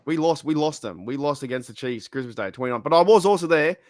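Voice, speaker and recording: A man's voice: fairly high pitch, expressive, fast, darkish tone, dry recording, clean studio sound. A man hosting a casual podcast over a video call, laughing and swearing easily. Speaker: podcast host.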